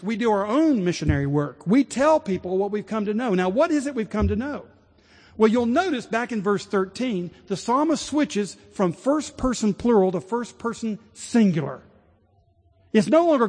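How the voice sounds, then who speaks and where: A pastor preaching a sermon to his congregation in a large church, building to emphatic points and dropping to a hushed prayer. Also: high voice. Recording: long hall reverb.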